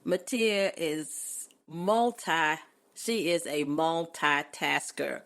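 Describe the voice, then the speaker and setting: A woman in her eighties with a low voice chats easily as a podcast guest. She laughs often as she talks and drops in churchy phrases. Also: very slow, fairly bright tone. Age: 80s. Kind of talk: casual chat.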